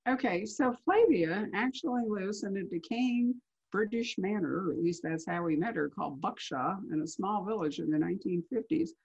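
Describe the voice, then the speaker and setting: Creaky-voiced woman interviewer, chatty. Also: mid-range voice, animated, moderate pace, a little mellow, highs cut off. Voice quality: chatty, enthusiastic. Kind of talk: casual interview.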